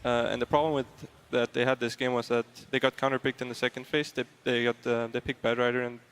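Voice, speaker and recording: A man on a live esports panel giving his read on the draft, thoughtful and hesitant with frequent pauses. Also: mid-range voice, flat delivery, fairly bright tone, a little hiss or hum. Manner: thoughtful, hesitant, many uh fillers. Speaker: panel analyst. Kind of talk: panel discussion.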